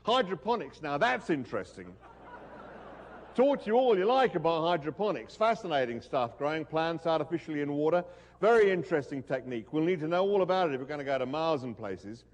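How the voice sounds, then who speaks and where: A man's voice: a little high, big pitch swings, brisk. A man putting on an Australian accent to voice a grumpy, fussy middle-aged male snake venom expert who rants irritably. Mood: enthusing. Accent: Australian, put on.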